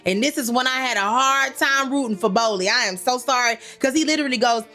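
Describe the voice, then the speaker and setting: A woman's voice: fairly high pitch, fairly quick, sharp tone, faint music behind. A woman in her thirties giving a comedic recap of a TV episode, telling the story in a playful, slangy way full of asides. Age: 30s.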